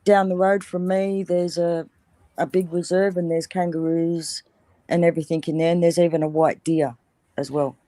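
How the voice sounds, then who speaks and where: A woman's voice: on the low side, normal speed, dry recording. A woman with an Australian accent chatting casually, shortening her words. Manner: relaxed, drops word endings. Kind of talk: casual chat.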